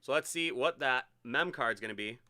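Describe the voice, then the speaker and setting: A man hosting a live-streamed sports card break, chatty and excitable as he hypes each card he pulls. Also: medium pitch, normal speed.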